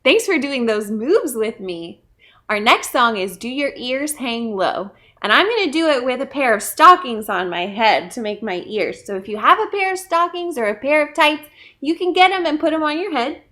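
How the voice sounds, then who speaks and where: A woman's voice: sits high, sing-song, normal speed, bright, forceful tone. A woman, a children's librarian, leading a pre-k story time and talking directly to small children in a playful, encouraging way. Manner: playful, acts out animals.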